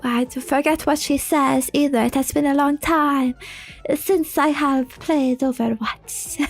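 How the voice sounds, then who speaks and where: A woman's voice: high voice, fairly even intonation, a little slow, faint music behind. A young woman streamer chatting casually while building a model kit, rambling and laughing with lots of fillers.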